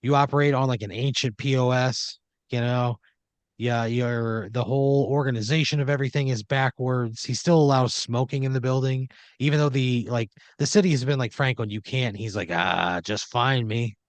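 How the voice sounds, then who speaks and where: A man's voice: medium pitch, fairly even intonation, moderate pace, no room sound. A man hosting a comedy podcast, improvising a story in the second person, with lots of fillers, and sometimes dropping into quoted voices. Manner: rambling, many fillers, jumps into quoted voices.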